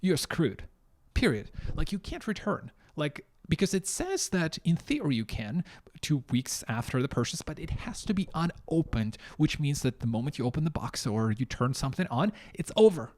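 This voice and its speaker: A young man from Ukraine, telling a story to camera in a blunt, animated way and swearing freely. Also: fairly high pitch, normal speed. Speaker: vlogger.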